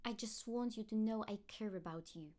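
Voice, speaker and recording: A woman's voice: mid-range voice, normal speed, a little mellow, lightly acted. A woman reading aloud and voicing a teenage girl who is caring, earnest and worried for her friend.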